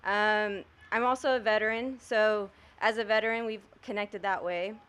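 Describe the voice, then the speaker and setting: Female veteran supporter, emotional and halting, mid-pitched voice. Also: steady tone, fairly bright tone, clean tone. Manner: emotional, halting, laughs between phrases. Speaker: veteran and friend of the candidate. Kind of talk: informal spoken endorsement.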